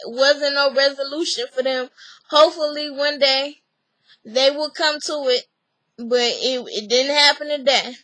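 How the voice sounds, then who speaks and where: Bright, gossipy woman hosting a casual recap, dry close sound. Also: sits high, no room sound. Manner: chatty, gossipy, acts out quotes. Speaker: recap vlogger. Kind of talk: casual reality-show recap.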